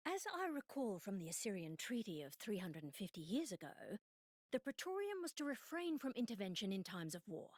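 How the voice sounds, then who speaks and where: A woman voicing a poised ruler at a peace summit, speaking in a measured, pointed way. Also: mid-range voice, very animated, dry recording, studio quality.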